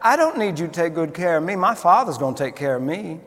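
A preacher voicing a devout elderly southern woman in her eighties, speaking softly with a Southern drawl. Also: on the high side, sing-song, fast talker, long reverb tail. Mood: gentle, faithful. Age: 80s.

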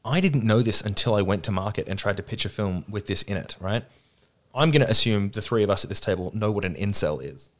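A man's voice: fairly low pitch, expressive, fast talker. Swearing man telling stories. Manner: swearing, storytelling with acted-out quotes. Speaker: film producer on a podcast panel. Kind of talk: casual podcast chat. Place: around a table with two others.

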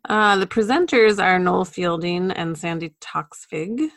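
A woman co-hosting a podcast, casually telling stories and trivia in a relaxed way. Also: lowish voice, unhurried, no room sound, studio quality. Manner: relaxed storytelling, sharing facts with soft laughs. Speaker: podcast co-host. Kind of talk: casual chat.

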